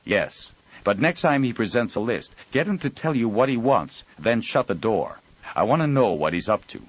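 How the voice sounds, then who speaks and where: A man voicing a calm male admiral in command who speaks in a measured, quiet way. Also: mid-range voice, lo-fi sound, pitched above the performer's own voice.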